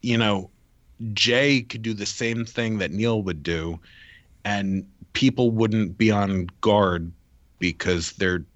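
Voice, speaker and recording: A man's voice: lowish voice, slow, fairly bright tone, dry recording, lo-fi sound. A man co-hosting a podcast, chatting casually and rambling through his stories with restarts. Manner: rambling, many restarts and fillers. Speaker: podcast co-host. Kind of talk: casual chat.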